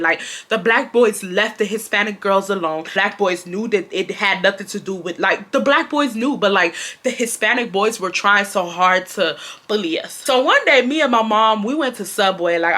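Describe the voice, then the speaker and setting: A young adult woman telling a personal storytime in a casual, slangy and animated way, talking straight to her viewers. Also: mid-range voice. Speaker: storytime vlogger.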